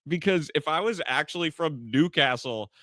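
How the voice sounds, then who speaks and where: A man's voice: fairly high pitch, lively intonation, moderate pace, sharp tone, no room sound, clean studio sound. An American man co-hosting a casual sports podcast, telling stories with lots of restarts. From United States. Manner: rambling storyteller with many restarts. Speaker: podcast co-host.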